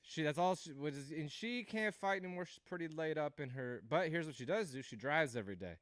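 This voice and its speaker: A man's voice: fairly high pitch, expressive, fairly quick, a bit bright, dry recording. A man in his thirties doing a rambling, self-deprecating stand-up set on a livestream, laughing at his own jokes. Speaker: stand-up comedian hosting a livestream.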